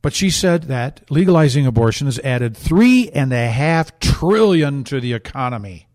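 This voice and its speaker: A man's voice: mid-range voice, animated, normal speed, a little mellow. A man hosting a political talk show, delivering sarcastic, indignant commentary with emphatic repetition and frequent restarts.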